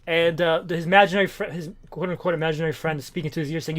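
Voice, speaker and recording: A man's voice: fairly high pitch, steady tone, rapid-fire, a bit bright. A man co-hosting a casual podcast, talking bluntly with lots of swearing and stumbling restarts. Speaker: podcast co-host. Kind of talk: casual comic book discussion.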